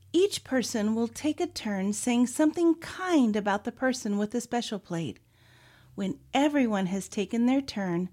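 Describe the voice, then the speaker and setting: A woman reading a children's picture book aloud in an expressive, sing-song way. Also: fairly high pitch. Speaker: storybook reader.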